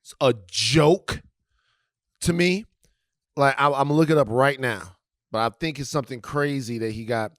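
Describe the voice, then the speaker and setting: A man of ordinary pitch co-hosting a chat podcast, recorded dry and close. He talks casually and jokes with his co-host. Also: normal speed, long pauses, no echo. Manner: joking, talks while eating.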